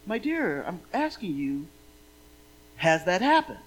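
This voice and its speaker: Woman puts on a calm, patient male teacher, speaking softly and a bit lower. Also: slow, full character voice, rough recording. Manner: calm, patient, soft-spoken.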